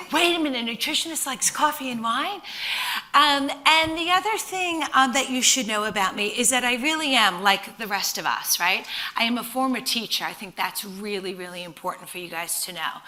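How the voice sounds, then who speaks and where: A middle-aged woman nutritionist giving an enthusiastic, chatty conference talk, self-deprecating and often checking in with "right?". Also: medium pitch. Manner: chatty, animated storytelling with frequent rhetorical "right?".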